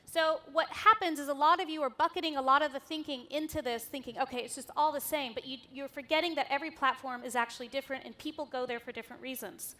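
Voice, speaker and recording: Bright, high-pitched woman speaker on stage. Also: fairly even intonation, quick pace, few pauses. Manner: candid, wry, swears casually. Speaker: conference speaker. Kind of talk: keynote talk with slides. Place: conference stage.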